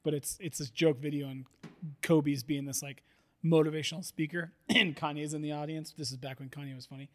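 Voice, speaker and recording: A joking storyteller, a man co-hosting with a slightly high voice. He spins jokes and stories and laughs often. A long hall reverb surrounds him. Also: fairly even intonation, fairly quick. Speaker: podcast co-host. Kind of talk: casual chat.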